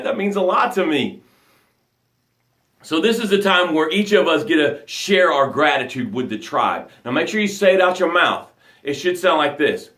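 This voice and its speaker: A man's voice: on the high side, moderate pace, reverberant. A man hosting a live motivational broadcast as a coach, talking emphatically and reading out viewer comments. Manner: energetic, emphatic, reads viewer comments aloud.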